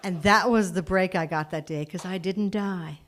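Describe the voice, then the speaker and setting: Animated low-voiced woman telling a story. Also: moderate pace, very noisy. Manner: animated, dramatic swings in loudness. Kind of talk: live personal storytelling. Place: live storytelling event.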